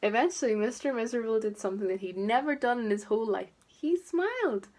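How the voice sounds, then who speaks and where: A woman teacher reading a picture book aloud to toddlers, expressive and gently coaxing. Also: a little high, fast, a little hiss or hum. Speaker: preschool teacher.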